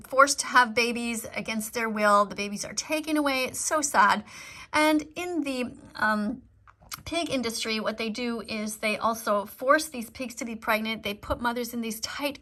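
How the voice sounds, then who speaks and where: A woman's voice: a little high, bright, forceful tone. A middle-aged woman reading out live-stream comments in casual chat, earnest and pleading as she lectures her viewers.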